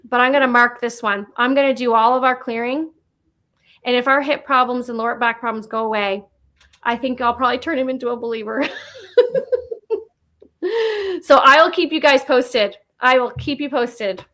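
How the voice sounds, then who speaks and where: A woman with a high voice and a Nova Scotian Canadian accent, talking casually on a livestream. She rambles with plenty of fillers and restarts. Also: fairly even intonation, moderate pace, long pauses, bright, forceful tone. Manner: chatty, rambling, lots of fillers. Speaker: paranormal guest.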